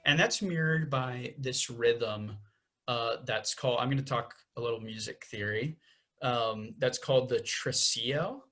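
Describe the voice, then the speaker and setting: A man's voice: medium pitch, measured pace, sharp tone. Young man explaining music theory. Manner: explains step by step, counting beats aloud. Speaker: podcast co-host.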